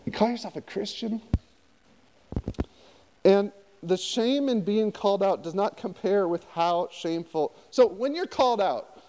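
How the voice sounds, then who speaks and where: A man pastor preaching a conversational sermon, often turning to his listeners with quick questions. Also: high-pitched, big-room sound. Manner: conversational, animated, asks the audience often.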